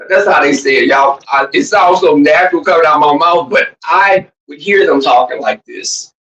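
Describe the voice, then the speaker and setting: A livestream host in casual chat with the viewers, loud, profane and teasing, who shouts now and then and drawls some words while rushing others. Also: mid-range voice, slight background noise. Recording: roomy, distant, dull lo-fi sound.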